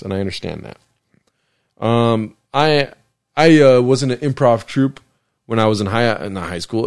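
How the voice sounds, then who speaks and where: A man's voice: mid-range voice, a little mellow, no room sound, clean studio sound. Rambling, joking young man podcasting. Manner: rambling, joking, profane, slips into mock voices. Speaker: podcast host. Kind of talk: casual solo podcast chat. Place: home living room studio at a desk.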